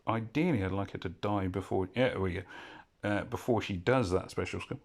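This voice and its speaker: A man's voice: sits low, brisk. A man giving casual, rambling commentary as he plays a mobile puzzle game, often drifting off topic and correcting himself. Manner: rambling, digressive and self-correcting.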